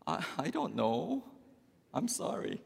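A man's voice: huge pitch swings, slow, creaky, a little mellow, husky, big-room sound, heavily acted. A man voicing a flustered, clueless husband who stammers his apologies. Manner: higher, hesitant, stammering.

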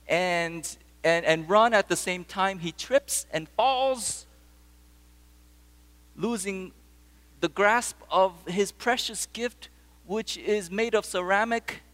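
A pastor delivers a sermon, telling stories and asking his congregation questions. His voice is high and a bit bright, with a long reverb tail behind it.

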